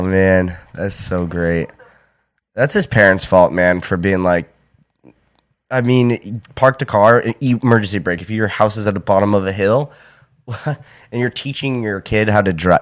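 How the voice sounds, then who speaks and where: A man's voice: deep voice, dry recording, clean studio sound. A young American man hosting a podcast, rambling casually with lots of fillers and restarts. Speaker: podcast host.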